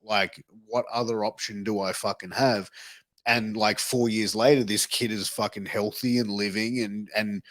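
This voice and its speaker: Hosting a casual podcast, this Australian-accented man talks loosely, swearing a lot and leaning on fillers. His voice is on the low side and fairly bright, steady in tone at normal speed, in a dry recording.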